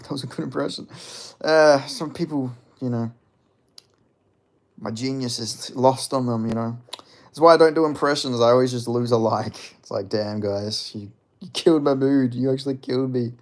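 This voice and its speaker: Man, casual livestream chat, rambling, reads chat aloud, mock apologies. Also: mid-range voice. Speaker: livestream host.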